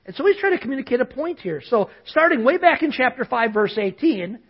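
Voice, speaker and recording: A man preaching a sermon as pastor, lively, calling on listeners to repeat after him. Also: extremely high pitch, a little fast, slightly rough, dull audio.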